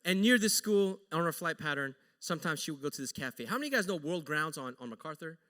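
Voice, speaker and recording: In a church sanctuary with large-hall acoustics, a male pastor tells a story during his sermon, joking and animated in a conversational style. He talks quickly in a voice on the high side.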